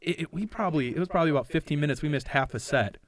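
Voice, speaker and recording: Racing along in a fairly high voice, a male podcast co-host tells a concert story in profane, casual chat, animatedly acting out what people said.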